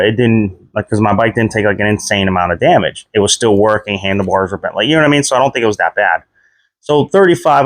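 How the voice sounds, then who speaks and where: A man in his thirties casually telling a personal story, leaping up in pitch whenever he replays his own reactions. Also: no room sound, clean studio sound. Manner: animated retelling, voice jumps high when quoting himself. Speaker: vlogger.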